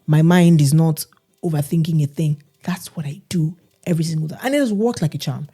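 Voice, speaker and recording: A woman chats on a podcast in a low, mellow voice. She tells her stories with animation and slips into other people's voices as she goes. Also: a little fast, breathy edge. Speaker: podcast co-host. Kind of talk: casual chat.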